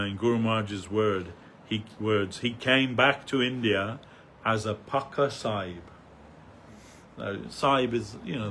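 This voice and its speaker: A man's voice: on the low side, a bit bright, slight background noise. An older man giving a rambling, anecdotal remembrance talk as a devotee speaker at a temple festival, with many fillers, restarts and chuckles.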